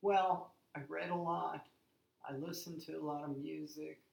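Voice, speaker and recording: Woman, 60s, gravelly low voice, animated storyteller, roomy recording. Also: measured pace. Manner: lively storyteller, laughs often. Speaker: guest. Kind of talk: casual conversation.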